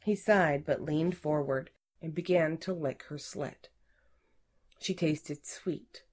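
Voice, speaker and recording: Low, slow woman narrating intimately. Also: breathy edge. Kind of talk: erotic audiobook reading.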